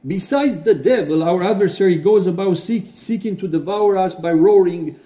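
A man preaching a sermon in a church, earnest and halting, with restarts and fillers, reading quotations aloud with emphasis. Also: high-pitched, dark tone. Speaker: pastor. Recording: roomy echo.

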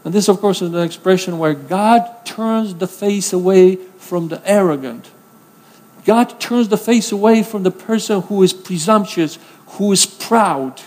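High-voiced preacher in a reverberant hall. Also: male voice, measured pace, darkish tone. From Romania. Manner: earnest, conversational preaching with emphatic scripture reading. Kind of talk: sermon.

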